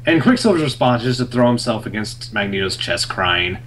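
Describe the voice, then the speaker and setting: A young man on a podcast, recapping a comic in casual chat, full of fillers and quick laughs. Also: fairly low pitch, slight background noise. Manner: animated storyteller, many fillers, laughs often. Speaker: podcast co-host reviewing a comic.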